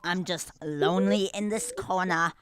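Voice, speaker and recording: A man's voice: high voice, a little slow, a bit bright, clear, resonant tone. A man voicing Rex, a cheerful male T-Rex who loves to curse and keeps repeating his catchphrases, in a playful played-back clip. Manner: repeats catchphrases, friendly and chatty.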